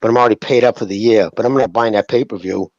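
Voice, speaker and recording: A man's voice: on the low side, steady tone, fast talker, a little mellow, no echo. A man co-hosting a podcast who rants heatedly and swears often. His audio is a bit muffled and dry. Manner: heated, profane ranting. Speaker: podcast co-host. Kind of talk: casual podcast chat.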